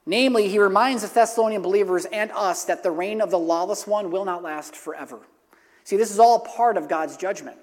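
A man's voice: sits high, brisk. A male pastor preaching a sermon, earnest, repeating key phrases for emphasis, in a church sanctuary. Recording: long hall reverb.

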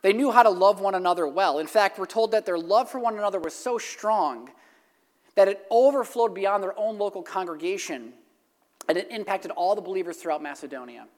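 A pastor preaching a sermon with emphatic, animated storytelling, often repeating key phrases. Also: mid-range voice, a little fast. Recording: long reverb of a large hall.

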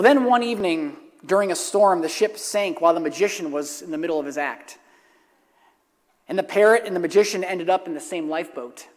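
A male pastor preaching a sermon, earnest, repeating key phrases for emphasis, in a church sanctuary. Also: high-pitched. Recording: long hall reverb.

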